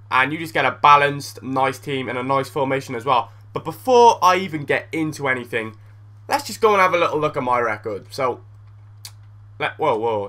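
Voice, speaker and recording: Young man, bright forceful voice, casual game commentary, blunt, sweary. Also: on the high side. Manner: blunt, excitable, swears freely. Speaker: gaming YouTuber.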